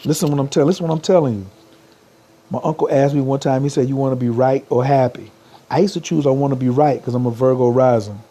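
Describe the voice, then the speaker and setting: A man's voice: medium pitch, dark tone. A man, giving a motivational livestream talk as a spiritual coach, repeating slogans and urging viewers to type them.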